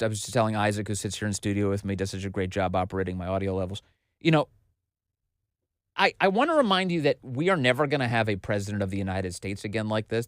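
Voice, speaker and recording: A man in his forties hosting a political commentary show in a studio, talking in an animated, emphatic way straight to the listener. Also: on the low side, no echo. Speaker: host.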